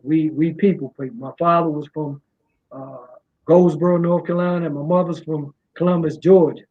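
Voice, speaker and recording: A man's voice: steady tone, moderate pace. A middle-aged man from Washington, D.C., a music promoter, talking in a casual, rambling way with a slight drawl. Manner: rambling, repeats fillers, drawling. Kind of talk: casual interview. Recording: muffled low-fidelity sound.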